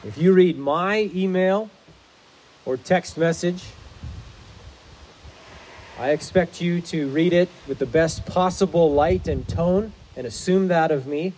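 A man's voice: on the high side, slow, long pauses, a little mellow, slight background noise, poor audio. A man preaching a sermon as pastor, in an earnest, explanatory manner.

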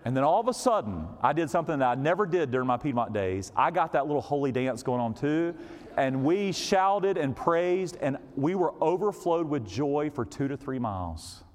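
A middle-aged male preacher tells a story from the pulpit, his voice sitting fairly high and leaping all over the place in pitch. He drops to hushed, low lines and then climbs to loud, excited ones. A long reverb from a big church hall trails behind every phrase. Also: normal speed. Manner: animated, swinging from hushed to loud. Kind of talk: storytelling sermon.

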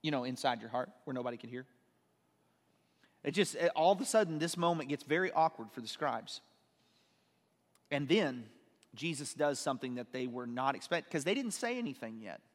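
Man, preacher, sermon, reads verses and asks questions, fairly high voice, hall reverb. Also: lively intonation, moderate pace. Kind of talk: sermon teaching from scripture.

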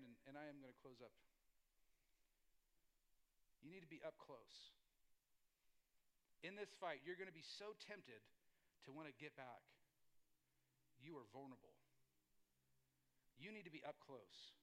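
A male pastor preaching a sermon in a conversational, emphatic way, with lively asides to the congregation. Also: a little high.

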